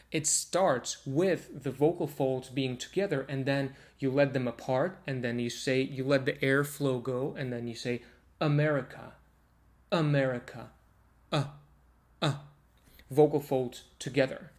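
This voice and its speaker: A man with a medium-pitched voice gives a pronunciation lesson to the camera. He walks through it step by step, saying example words slowly to demonstrate each sound.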